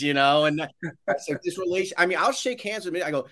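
A man's voice: fairly high pitch, quick pace. Guy on a video call from his home office, chatty, acts out quotes, lots of restarts. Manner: animated storyteller, acts out quotes, many restarts. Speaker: podcast guest, education consultant. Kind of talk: casual interview chat.

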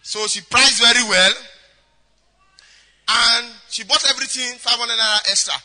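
Nigerian preacher telling a story, high voice, lots of hall echo. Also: male voice, moderate pace. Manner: animated, switches into pidgin, acts out voices. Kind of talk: storytelling sermon. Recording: echoey hall.

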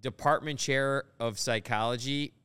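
Smooth-voiced man riffing as podcast host. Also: medium pitch, steady tone, measured pace, bright, forceful tone. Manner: joking, provocative riffing. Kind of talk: casual comedic podcast banter.

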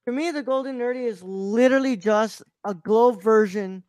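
A relaxed podcast co-host who explains things at an easy, conversational pace. The voice sits in the middle of its range and sounds dry and close to the mic. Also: mid-range voice, moderate pace, clear, resonant tone, no echo. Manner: laid-back, says "bro" and "um" often. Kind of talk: casual chat.

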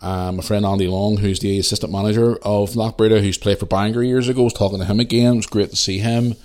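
Northern irish man, podcast host, low voice, blunt, chatty monologue. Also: steady tone, fast talker, darkish tone. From Northern Ireland. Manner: blunt, opinionated storytelling. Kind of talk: casual monologue.

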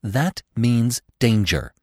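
A man's voice: on the low side, very animated, normal speed, dry recording, clean studio sound. A man playing an anxious young deer. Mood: alarmed. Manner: urgent, insistent.

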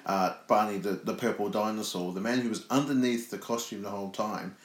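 A man's voice: lowish voice, steady tone, fairly quick. A man co-hosting a podcast, chatting casually with a crude, rambling sense of humour. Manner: rambling, restarts often, crude joking. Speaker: podcast co-host. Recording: roomy echo.

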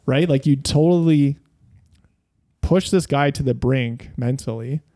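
Mellow-voiced man telling rambling stories. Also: medium pitch, a little slow. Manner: rambling, profane storytelling with many fillers. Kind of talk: casual chat.

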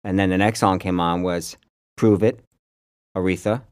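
A very low-pitched man in his fifties tells stories in a loose, rambling way, full of "uh"s and restarts. He co-hosts a casual chat podcast. His voice is close and dry, with no room sound. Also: steady tone, moderate pace, darkish tone, clear, resonant tone, no room sound. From upstate New York. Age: 50s. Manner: chatty, rambling storyteller with frequent fillers. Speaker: podcast co-host.

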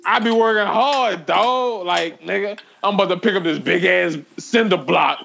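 Laughing high gravelly young man. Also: normal speed, slight background noise. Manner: animated, profane, laughing storyteller. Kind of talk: casual storytelling chat.

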